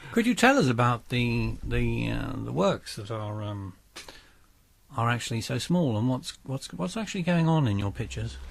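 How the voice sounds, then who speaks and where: A man's voice: mid-range voice, sing-song, normal speed, vocal fry. A man hosts a mock-serious radio arts programme. His tone is pompous and stiff. He stumbles constantly over ums and restarts. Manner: pompous, hesitant, full of ums. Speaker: radio arts show host. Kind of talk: mock-serious spoof interview.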